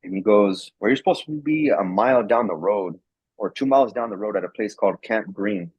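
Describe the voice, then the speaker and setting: A man with a low, husky voice tells a long story in a casual, rambling way, stumbling over repeated words and acting out the voices of others. The recording is dry and dull, with a lo-fi sound. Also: fairly quick, no echo. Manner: rambling, repeats words, acts out quoted dialogue. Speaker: guest, former National Guard soldier.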